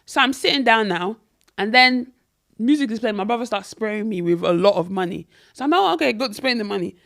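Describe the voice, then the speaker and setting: A podcast co-host with a medium-pitched, gravelly voice speaks fairly quickly as she tells a long story in casual conversation. She's animated and acts out what people said in different voices.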